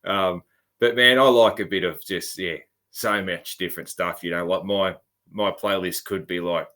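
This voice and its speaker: Bright-toned Australian man hosting a chat. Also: sits low, steady tone, moderate pace. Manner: rambling and easygoing, often calling the guest "man". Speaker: podcast host. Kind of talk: casual interview chat.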